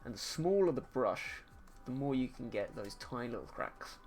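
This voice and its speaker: A man's voice: mid-range voice, normal speed, faint music behind. A man, casually teaching digital painting live while he paints. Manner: relaxed, chatty, talks while painting.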